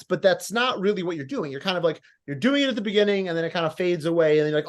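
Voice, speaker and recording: A man's voice: on the high side, expressive, quick pace. A man judging wrestling promos, giving blunt, coaching feedback and acting out moves and lines as he explains, with casual swearing. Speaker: talent competition judge. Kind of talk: live critique of wrestling promos.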